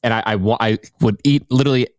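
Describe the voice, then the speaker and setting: Male podcast host, rapid-fire delivery, excitable and slangy, dry close mic. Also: medium pitch, no room sound. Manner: excitable, slangy, swears a lot. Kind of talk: casual chat.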